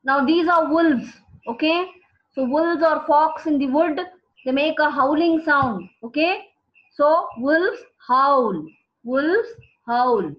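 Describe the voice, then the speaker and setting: A woman teaches students, slowly repeating each key word. Her voice sits high, and the recording sounds muffled and lo-fi. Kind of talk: classroom vocabulary lesson. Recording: dull lo-fi recording.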